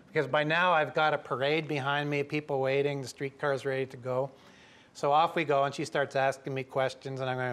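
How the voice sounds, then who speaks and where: A middle-aged man from Canada telling a lively story to an audience, acting out the voices of the people in it. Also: on the high side, brisk. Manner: lively, acts out quoted voices. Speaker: professor telling a story at a talk.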